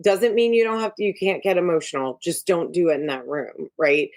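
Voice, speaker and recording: Guesting on a casual interview, a middle-aged executive coach offers advice in a frank, emphatic way. Her voice is lowish and a little mellow, and she talks briskly.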